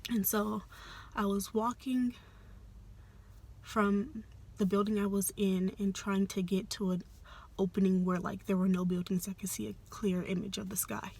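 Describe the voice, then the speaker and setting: A young adult woman telling a personal story in a soft, hesitant, often half-whispered way, with many fillers. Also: medium pitch, little pitch movement, a little slow, creaky, breathy edge. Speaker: vlogger.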